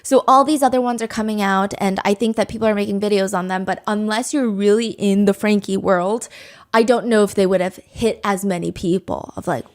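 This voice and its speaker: A woman's voice: mid-range voice, fairly even intonation, brisk. A woman hosting a podcast, telling a true crime story in a candid, conversational way. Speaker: podcast host.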